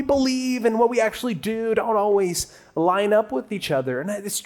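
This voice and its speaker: A man preaching a conversational sermon to a church crowd, animated and joking as he talks to them. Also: sits high, moderate pace, few pauses. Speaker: guest preacher. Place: church auditorium.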